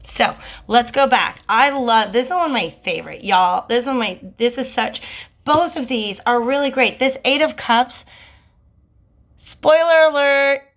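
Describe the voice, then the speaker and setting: A woman giving a casual tarot reading in a chatty, slangy, animated way. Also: a little high, measured pace. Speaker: tarot reader.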